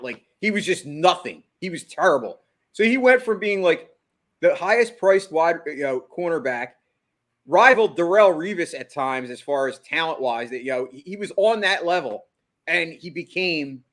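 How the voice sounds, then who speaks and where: A man's voice: a little high, a bit bright. A man co-hosts a sports podcast in easy, casual chat. He stammers a lot, often tripping on a repeated "I" before getting to his point. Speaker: podcast co-host.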